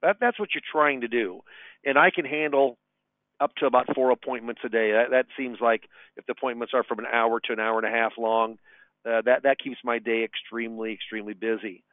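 A man's voice: medium pitch, steady tone, a little fast, no echo. A man from Nebraska, a financial advisor, chatting on a webinar in an upbeat way, repeating words as he goes. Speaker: financial advisor and radio show host. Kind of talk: casual webinar talk. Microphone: phone line. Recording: tinny phone-line audio, dry.

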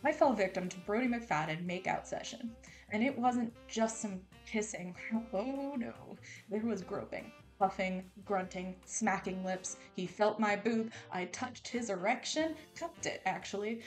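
A woman's voice: mid-range voice, animated, a little slow, soft background music. A woman reading a romance novel aloud in a dramatic, casual style with playful, sarcastic asides. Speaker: audiobook reader.

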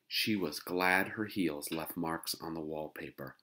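A man reading a children's book aloud to listeners, expressive and playful with the sound effects. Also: sits low, a little slow, few pauses. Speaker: storybook reader.

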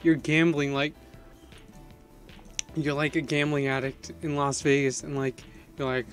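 A young man streaming a game, excitable and panicky, laughing often as he chats. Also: a little high, a little slow, pauses often, soft background music. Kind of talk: gaming livestream chat.

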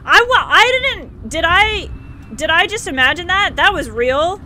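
A young woman live-streaming a horror game, excitable, screaming and laughing at scares and gushing thanks to her viewers. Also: very high-pitched, unhurried, a little hiss or hum.

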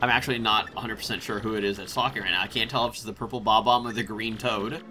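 A man hosting a casual let's play, rambling and excitable, often breaking into laughter. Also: fairly low pitch, quick pace, faint music behind. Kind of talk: casual gameplay commentary.

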